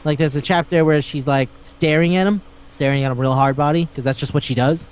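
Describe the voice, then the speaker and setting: A man's voice: fairly high pitch, steady tone, brisk, clear, resonant tone, dull audio. A man hosting a casual podcast chat, rambling and swearing as he retells scenes and acts out the dialogue. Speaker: podcast host.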